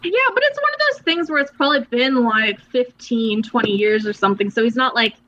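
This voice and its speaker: A woman's voice: on the high side, fairly quick. A young woman co-hosting a podcast, casually recapping a TV episode and acting out the characters' lines. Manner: animated retelling, acts out characters' lines. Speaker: podcast co-host. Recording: dull lo-fi sound.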